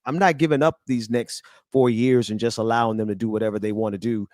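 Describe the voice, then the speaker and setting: A man's voice: medium pitch, steady tone, fast, a little mellow, dry recording, studio quality. A man hosting a casual political chat, laughing often, then earnest and rallying. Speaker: host.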